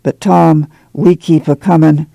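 Woman voicing a gravelly, tender old farm mother. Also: low-pitched, steady tone, measured pace, mellow, no echo, exaggerated voice. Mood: soothing. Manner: soothing, folksy drawl. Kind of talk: radio reading of a novel.

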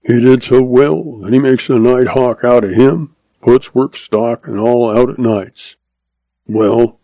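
A man's voice: medium pitch, warm tone, dry recording, rough recording. A man reading an old-west story aloud in a drawling cowboy dialect, plain and dry in manner. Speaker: narrator.

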